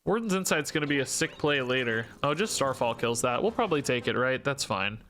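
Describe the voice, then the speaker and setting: A man's voice: mid-range voice, lively intonation, fairly quick, sharp tone, slight background noise. A man streaming a card game, thinking aloud, questioning himself and joking between plays. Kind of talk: live-stream gameplay commentary.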